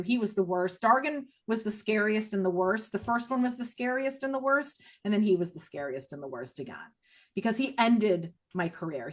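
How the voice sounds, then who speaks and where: Raw, emotional middle-aged woman. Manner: raw, emotional delivery, swinging from low and hushed to high and loud; blunt, with strong profanity. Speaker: podcast guest. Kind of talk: emotional personal testimony.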